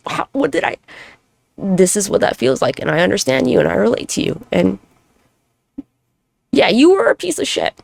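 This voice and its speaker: This podcast host has a low, gravelly voice and records without any echo. Alone at the mic, she rambles candidly, swears freely and pokes fun at herself.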